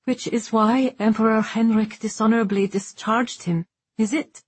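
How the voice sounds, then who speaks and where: A woman's voice: a little high, fairly even intonation, moderate pace, husky, no room sound, pitched above the performer's own voice. A woman reading an audiobook voices a defiant young woman with sarcastic, biting retorts, her voice lifted above her narrating tone. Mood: bitter, defiant.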